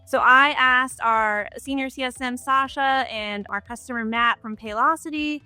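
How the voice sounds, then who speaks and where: A woman's voice: high-pitched, moderate pace, pushed and bright, clean tone, dry recording, soft background music. A woman hosting a casual video-call interview, chatty and upbeat, often saying "like". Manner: chatty, upbeat, frequent "like" fillers. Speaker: host.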